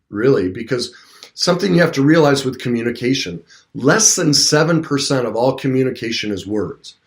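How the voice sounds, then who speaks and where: A man in his fifties hosting a coaching talk show, speaking conversationally and acting out little dialogues with a lifted voice. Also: medium pitch. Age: 50s. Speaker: radio show host and coach. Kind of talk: motivational talk. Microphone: streamed talk show mic, also seen on video.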